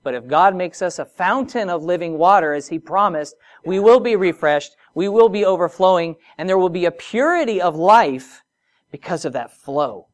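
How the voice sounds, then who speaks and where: A preacher giving a sermon, moving between soft, drawn-out phrases and emphatic rises, with conversational asides and rhetorical questions. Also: medium pitch, expressive.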